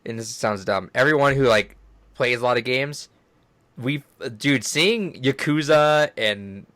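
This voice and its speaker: A man's voice: medium pitch, expressive, measured pace, fairly bright tone, no echo. Rambling enthusiastic man, dry close mic. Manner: enthusiastic rambling, many fillers and restarts. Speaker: podcast co-host. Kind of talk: casual podcast chat.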